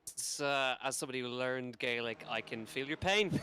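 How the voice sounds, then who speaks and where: A man co-commentates a sim race in a relaxed, chatty way, filling pauses with ums and uhs. His pitch is medium. Loud race car engine noise runs under everything he says. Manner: relaxed, chatty, many fillers. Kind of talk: live sim racing commentary.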